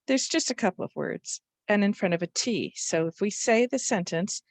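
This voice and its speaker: A woman's voice: medium pitch, expressive, normal speed, hardly any pauses, dry recording. A woman teaching a spelling lesson to young children, patiently sounding out letters and words.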